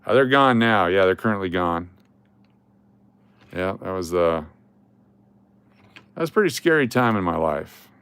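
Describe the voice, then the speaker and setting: Smooth-voiced man chatting casually and joking. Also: deep voice, lively intonation, a little slow, pauses often, a bit bright, no echo. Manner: rambling and joking, with chuckles and trailing restarts. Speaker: coin collecting channel host. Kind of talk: casual vlog chat while scrolling through photos.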